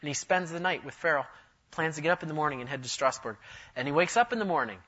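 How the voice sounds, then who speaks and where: A man delivering a sermon with a bright, forceful edge and a husky grain to his voice. He tells his story with animation, his voice climbing and swelling as he drives each point home. The recording sounds dull and lo-fi. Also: fairly high pitch, animated, quick pace. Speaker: preacher.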